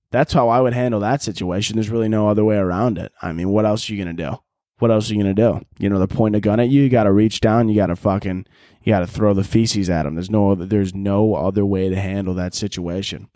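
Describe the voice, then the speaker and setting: Crude rambling comedian, dry mic. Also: male voice, mid-range voice, no room sound. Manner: crude, rambling, bursts into shouted voices. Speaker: podcast host. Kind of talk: comedic monologue answering listener questions.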